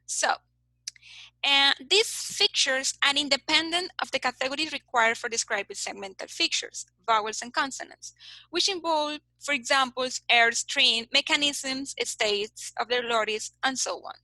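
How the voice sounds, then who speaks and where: Bright-voiced teacher. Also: female voice, sits high, moderate pace, dry recording, rough recording. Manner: tags sentences with "okay?", explains patiently. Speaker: English phonetics teacher. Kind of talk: online class lecture. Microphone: video call.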